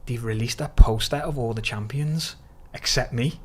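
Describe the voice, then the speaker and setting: A young man with a broad Scouse accent tells stories as a podcast guest. His talk is loose and animated, full of slang and swearing, with "lad" dropped in all the time. His voice sits at a middling pitch for a man. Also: normal speed. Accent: Liverpool (Scouse). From Liverpool, England. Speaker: podcast guest, MMA fighter. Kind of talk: casual storytelling.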